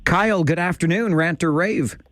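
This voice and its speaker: A man's voice: sits high, normal speed, a bit bright. A man hosting a call-in radio show, taking callers with dry, sarcastic banter. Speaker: radio talk show host. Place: radio studio.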